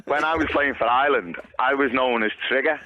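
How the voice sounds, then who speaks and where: A man's voice: mid-range voice, brisk, dull audio, heavy background noise. A man, a guest on a radio show, telling a story in an easygoing way. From the Wirral, England. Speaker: guest, former footballer. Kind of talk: telling an anecdote in casual chat. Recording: radio phone-in line.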